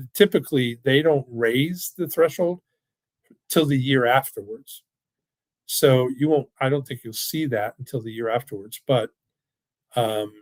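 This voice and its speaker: A man's voice: medium pitch, no room sound. A middle-aged man running a finance webinar, talking casually and persuasively with frequent restarts, over a video call mic. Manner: emphatic, with frequent restarts and repeated "look". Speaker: financial firm owner hosting a webinar. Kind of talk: casual, persuasive talk and Q&A answers.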